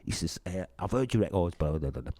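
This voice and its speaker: His deep, warm voice races along as this Sunderland-born punk singer, middle-aged and animated, tells casual anecdotes in an interview. Speaking with a Sunderland English accent, he swears and acts out dialogue; the audio has no echo.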